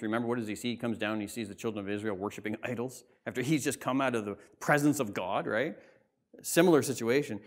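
A pastor preaching a sermon in a church, reading scripture and explaining it in a conversational way with frequent asides. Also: male voice, mid-range voice. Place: church sanctuary.

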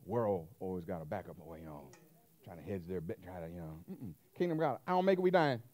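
A man preaching a sermon as pastor, animated and colloquial, acting out little scenes as he goes. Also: low-pitched, fast talker.

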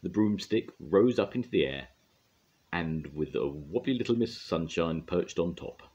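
Older man, storytime grandad, deep voice, husky, lively reading. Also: a little slow. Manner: gentle, expressive storytelling. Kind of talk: reading a children's story aloud.

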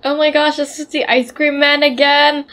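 Playful high-voiced woman gaming. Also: little pitch movement, measured pace, a bit bright, a little hiss or hum. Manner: playful, giggly, chatty. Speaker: gamer. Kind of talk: game commentary.

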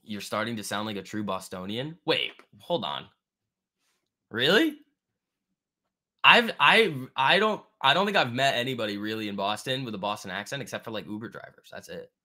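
A man with a bright, forceful voice hosts a live trading stream. He talks loosely and casually, full of slang, answering viewers' chat as he goes. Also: fairly low pitch, lively intonation, normal speed. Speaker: trading livestream host.

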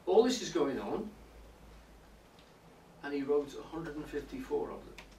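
A man's voice: on the high side, a little slow, warm tone. A man giving a public talk on poetry to a live audience, explaining step by step and often checking in with the listeners. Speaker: lecturer. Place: indoor room with a live audience. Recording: roomy, distant, faint hiss.

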